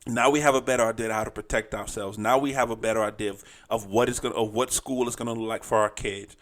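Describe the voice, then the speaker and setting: A man's voice: lowish voice, fairly even intonation, quick pace, fairly bright tone. A man co-hosting a casual podcast, teasing his partner and repeating phrases for emphasis. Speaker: podcast co-host.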